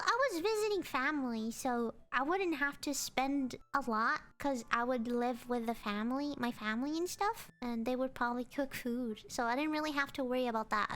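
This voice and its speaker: A woman streamer telling a casual, dramatic story about her own mishap, swearing freely. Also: a bit bright. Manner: dramatic, swears freely, jumps between pitches. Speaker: virtual streamer.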